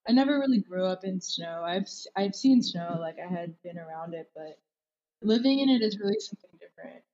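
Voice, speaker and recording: A woman's voice: on the low side, expressive, brisk, dark tone, muffled recording. A woman talking candidly and bluntly as an interview guest in a casual conversation.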